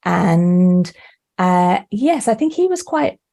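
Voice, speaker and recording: Lively, laughing woman with a gravelly edge. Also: fairly low pitch, takes it slowly. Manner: lively, laughs often, animated storytelling. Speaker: guest, actor and director. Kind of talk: podcast interview chat. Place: remote call, not with the hosts.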